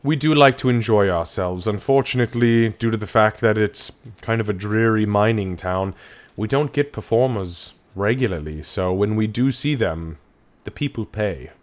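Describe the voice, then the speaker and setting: Low-voiced man running a tabletop game. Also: normal speed. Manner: relaxed, chatty narration with fillers. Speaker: game master.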